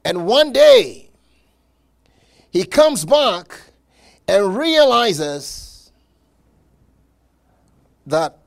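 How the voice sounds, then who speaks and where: Slow high-voiced male preacher. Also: very animated. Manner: slow, emphatic preaching with repeated words and dramatic pauses. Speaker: pastor. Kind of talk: sermon.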